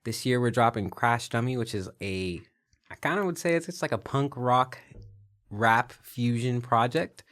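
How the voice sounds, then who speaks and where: A young man from the San Francisco Bay Area, a musician guest in a casual podcast chat, easygoing and quick to laugh. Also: medium pitch, animated, a bit bright. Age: young adult.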